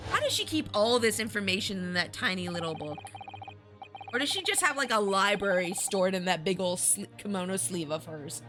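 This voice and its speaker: A woman's voice: mid-range voice, animated, normal speed, over music. A woman streamer giving playful, chatty live commentary while playing a game.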